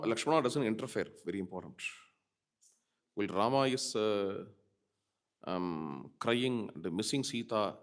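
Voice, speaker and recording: A man giving a devotional scripture discourse as a spiritual teacher, repeating key phrases for emphasis and quoting verses. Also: mid-range voice.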